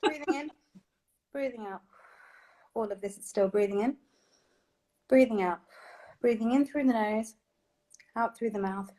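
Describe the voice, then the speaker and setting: A woman's voice: medium pitch, moderate pace, pauses often, dark tone. A woman vocal coach guiding listeners through breathing exercises, encouraging and instructive, laughing often.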